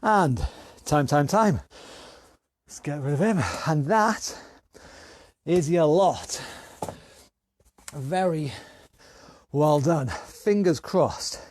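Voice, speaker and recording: A man coaching an online workout class, energetic and encouraging as he calls out moves, slightly out of breath. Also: on the high side, drawn-out words, pauses often. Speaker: fitness instructor.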